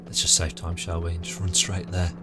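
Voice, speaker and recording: Male gamer, deep voice, rambling play-by-play over game music. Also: completely flat delivery, a little fast. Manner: chatty, muttering to himself. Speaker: player narrating his game. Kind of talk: casual gameplay commentary. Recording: music playing clearly behind.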